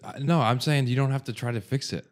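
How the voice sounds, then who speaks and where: A man's voice: medium pitch, quick pace. A man co-hosting a podcast, musing in a laid-back, philosophical way. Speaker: podcast co-host. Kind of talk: casual chat.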